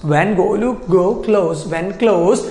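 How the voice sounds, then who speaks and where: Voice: medium pitch, unhurried, darkish tone, slight background noise. A Malayalam-speaking English teacher with a Kerala Indian English accent, reading a story aloud to a class and explaining it, repeating words and asking questions. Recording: echoey hall reverb.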